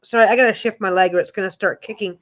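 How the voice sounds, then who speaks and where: A woman's voice: mid-range voice, fairly even intonation, rapid-fire. A woman hosting a casual livestream chat from her couch at home, rambling and restarting her sentences often. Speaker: host. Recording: dull lo-fi recording.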